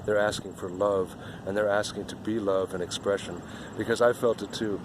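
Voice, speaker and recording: A man's voice: on the low side, fairly even intonation, normal speed, noisy background. A man giving an earnest, rambling spiritual monologue outdoors, often repeating himself.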